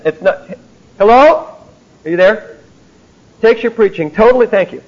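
A high-pitched man delivers a classroom theology lecture. He talks in an emphatic way and keeps checking in with his listeners by asking "see?". The recording sounds dull and lo-fi. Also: normal speed, long pauses. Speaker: Bible teacher.

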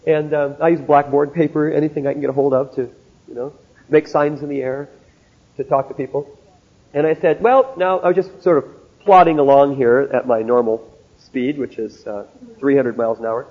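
Male Bible lecturer, direct storytelling sermon style, husky tone, phone-thin old classroom tape. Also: mid-range voice, fairly even intonation, moderate pace. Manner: earnest, direct, storytelling with asides. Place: classroom with a board. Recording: tinny narrow-band old recording.

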